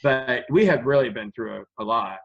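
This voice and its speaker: A man's voice: medium pitch, moderate pace, gravelly, muffled recording. A man as an interview guest, telling rambling stories in a chatty way with a runny nose. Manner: rambling, chatty, laughs mid-story. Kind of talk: casual storytelling interview.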